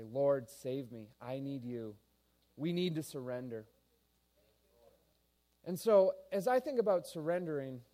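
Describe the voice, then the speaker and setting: A male pastor giving a sermon in a casual, animated storytelling manner. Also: a little high.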